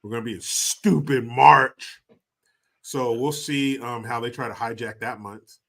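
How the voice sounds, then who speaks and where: A man's voice: mid-range voice, measured pace, creaky. A man co-hosting a podcast, ranting in casual banter, swearing often and acting out disbelief. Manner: animated, swearing, mock-incredulous. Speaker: podcast co-host.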